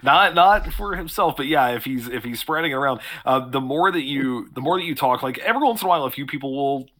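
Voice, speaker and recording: A man's voice: medium pitch, fast talker, a bit bright. A man narrating a tabletop game as game master, loose and rambling, often laughing.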